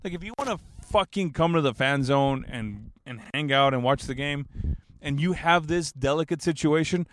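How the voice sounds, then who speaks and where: A man's voice: a little high, moderate pace, a bit bright. A man in his thirties telling a story in a casual, rambling way, swearing freely and laughing at his own jokes. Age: 30s. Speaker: basketball fan telling a story.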